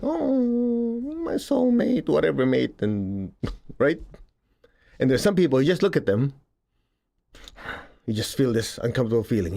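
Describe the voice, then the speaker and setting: A man's voice: mid-range voice, warm tone. A man giving a casual spiritual talk to an audience, conversational, laughing often and acting out quotes. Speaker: spiritual teacher.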